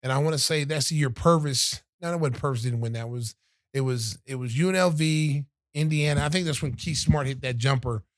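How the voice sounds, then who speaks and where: In a dry recording with clean studio sound, a middle-aged man with a mid-range voice talks a little fast. He's a podcast host in casual chat, animatedly recounting a story and acting out other people's quotes.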